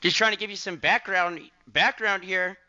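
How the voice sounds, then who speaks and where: A high-voiced man with a piercingly bright, sharp tone, heard through dull, lo-fi clip audio. He is a streamer speaking in an apology video, halting and hesitant. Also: fairly even intonation. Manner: halting, hesitant, self-deprecating.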